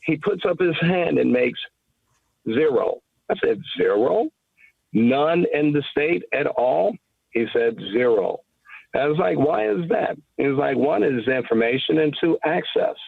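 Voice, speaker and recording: A man's voice: medium pitch, gravelly, dry recording. A man gives formal testimony to a committee, earnest and emphatic, pressing his points and restarting his phrases as he goes. His voice comes through a narrow, tinny phone-like line. The sound is dry, with no room around it. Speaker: public testifier.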